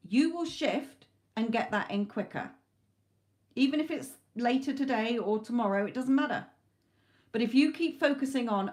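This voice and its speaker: A woman with a higher voice and darkish tone does a live tarot reading at a moderate pace. She talks loosely and conversationally in spoken chunks, frequently restarting.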